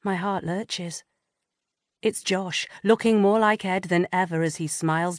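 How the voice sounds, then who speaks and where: A woman reading a first-person audiobook in an expressive, measured way on a close studio mic. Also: on the low side, no echo. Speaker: audiobook narrator.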